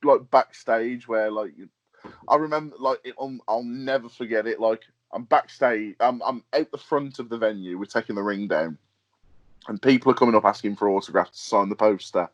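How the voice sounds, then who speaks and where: A young British man, a guest on a podcast interview, chatting casually and telling lively stories with lots of fillers and laughs. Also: on the low side, normal speed. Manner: lively storyteller, laughs often, hesitant fillers. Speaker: wrestler and promoter, guest. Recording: dull lo-fi podcast audio.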